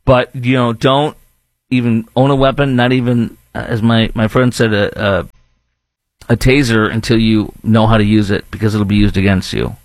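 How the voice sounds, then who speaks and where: A man's voice: lowish voice, little pitch movement, moderate pace, no echo. A man hosting a talk radio show, speaking in an emphatic, rambling monologue with restarts, now and then mocking others in put-on voices.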